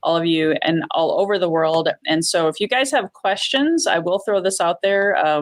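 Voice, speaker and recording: A woman's voice: fairly low pitch, a bit bright, no echo. A woman hosting a podcast interview, greeting listeners and handing over to her guest. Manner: welcoming, hands over to the guest. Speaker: podcast host.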